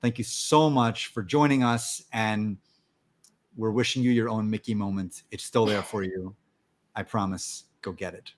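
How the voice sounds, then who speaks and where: A man's voice: on the low side, steady tone, a little slow. A man hosts a casual podcast conversation over a video call. He sounds enthusiastic and thanks his guest effusively. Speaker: podcast host. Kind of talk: casual chat.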